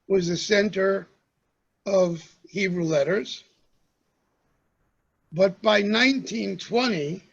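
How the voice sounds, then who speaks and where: A man lecturing to a congregation, speaking slowly and pausing often, with "um"s between his points. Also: high voice, vocal fry, muffled recording. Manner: slow, measured delivery with pauses and fillers. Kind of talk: talk to a congregation.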